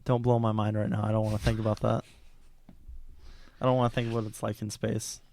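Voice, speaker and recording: A young man hosting a casual podcast chat, excitable, laughing often and swearing casually. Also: on the low side, fairly quick, creaky, a little hiss or hum. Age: young adult. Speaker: podcast host.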